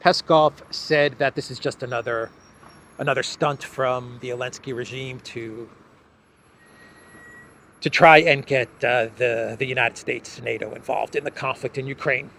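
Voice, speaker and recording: A man hosting a political commentary show, speaking in a sardonic, halting way and chuckling often as he talks. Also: mid-range voice, steady tone, creaky, a bit bright, slight background noise. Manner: halting, many restarts. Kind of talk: casual news commentary.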